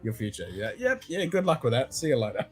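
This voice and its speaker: A man hosting a casual whisky chat, blunt and quick to swear, laughing often. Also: a little high, big pitch swings, darkish tone, breathy edge, faint music behind. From Australia. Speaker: host.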